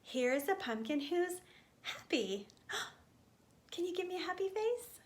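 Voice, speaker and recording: A woman leading a storytime for young children, speaking gently and with exaggerated expression. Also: very high voice, big pitch swings, unhurried.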